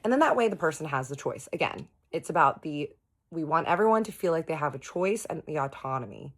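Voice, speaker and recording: A woman speaks in a strikingly low register for her sex. She tells a personal story to her viewers in a candid, conversational way. Her phrasing is loose and full of "like". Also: lively intonation, brisk. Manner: frank, chatty, heavy use of "like". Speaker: storytime vlogger. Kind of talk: casual storytelling.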